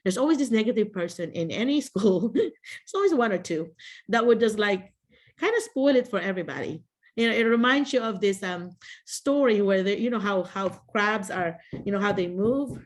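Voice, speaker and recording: Chatty woman on a video call, laughing often and full of fillers and restarts. She talks to teachers in a casual advice style, middle pitch. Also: expressive, moderate pace.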